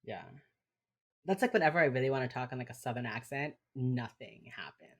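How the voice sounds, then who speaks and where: Low-voiced woman with a Miami Cuban accent. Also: lively intonation, fairly quick. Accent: Miami Cuban-American. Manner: laid-back, lots of fillers and swearing. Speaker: podcast co-host. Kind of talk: casual chat recapping an episode.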